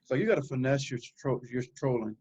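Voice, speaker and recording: Podcast cohost dude, talks fast, quick jokey quips, husky, bit muffled lo-fi sound. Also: male voice, medium pitch, lively intonation, darkish tone. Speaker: podcast co-host. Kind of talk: casual podcast banter.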